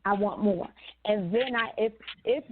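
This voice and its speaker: A woman co-hosting a casual talk show, blunt and animated and swearing freely. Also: medium pitch, unhurried, noisy background. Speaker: co-host. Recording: dry tinny phone-like sound.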